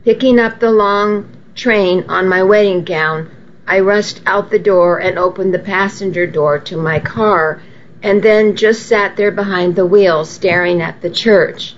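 A woman reading a first-person story aloud, unhurried and now and then correcting her slips aloud. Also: medium pitch, lo-fi sound, a little hiss or hum. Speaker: reader.

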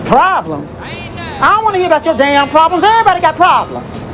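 An actor playing a hot-tempered loudmouth who rants in loud exasperation. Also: male voice, extremely high pitch, wildly swooping pitch, a little fast, exaggerated voice. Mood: exasperated. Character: ranting motel customer, hot-tempered loudmouth. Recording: film scene with music and crowd.

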